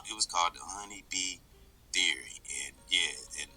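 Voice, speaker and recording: A man hosting his channel, groggy from just waking up, talking in a quiet, hesitant, low-key way in a casual comedy chat. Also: animated, fairly quick, faint music behind, poor audio. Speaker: channel host.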